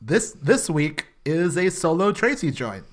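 Male co-host, deadpan joker with a lively, swooping voice. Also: on the high side, a little slow. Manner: deadpan jokey asides. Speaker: podcast co-host. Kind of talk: casual comedic podcast chat.

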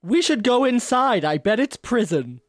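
A woman's voice: a little high, sing-song, normal speed, no room sound, studio quality. A woman playing a tabletop game, slipping into a coy drawl for her character. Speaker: player.

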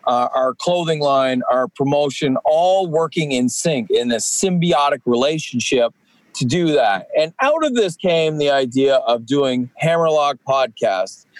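A man's voice: medium pitch, lively intonation, measured pace, no echo, rough recording. A man in his forties, a professional wrestler guesting on a podcast, talking casually and rambling with many fillers and restarts. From Atlantic Canada.

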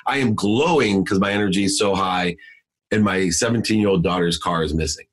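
Man, middle-aged, very low pitch, raspy, emphatic motivational speaker. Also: fairly quick. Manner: emphatic, preachy, repeats key words. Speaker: guest speaker. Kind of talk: motivational storytelling.

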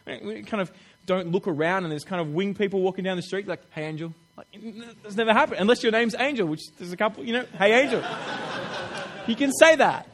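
A man preaching a sermon in a chatty, animated way, acting out little quotes with laughs. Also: sits high, quick pace.

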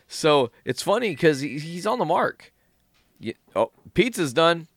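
A man hosting a podcast in casual chat, animated and profane, often acting out quoted lines. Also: fairly high pitch, a little slow, dry recording. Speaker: podcast host.

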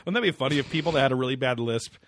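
A man's voice: medium pitch, rapid-fire, fairly bright tone. A young man co-hosting a podcast in casual chat, sarcastic and rambling with lots of fillers and swearing. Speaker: podcast co-host.

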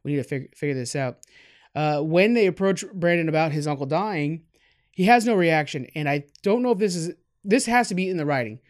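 A man giving a casual, candid film review, rambling with asides and self-corrections. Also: on the high side. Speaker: movie reviewer.

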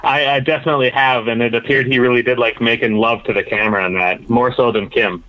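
A man's voice: medium pitch, steady tone, fast talker. Easygoing, wry male caller, mid voice, dull lo-fi phone sound. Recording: muffled phone line.

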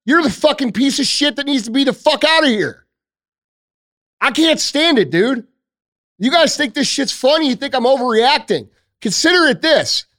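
A man with a strikingly high voice leads the show, cursing through an angry lecture aimed at his listeners. The sound is close and dry, with no room around it. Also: fairly bright tone, no echo. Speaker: podcast host. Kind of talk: angry profane rant.

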